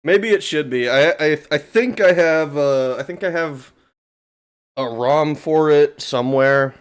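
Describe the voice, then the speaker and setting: A man chats loosely with his stream audience, his voice sitting a little higher than most men's. He gets excitable, trips over his words, curses freely and breaks into laughter constantly. It sounds close and direct, as if he is speaking into a desk microphone. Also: unhurried, clear, resonant tone. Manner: excitable, swears, stammers and laughs often. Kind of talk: casual livestream chat.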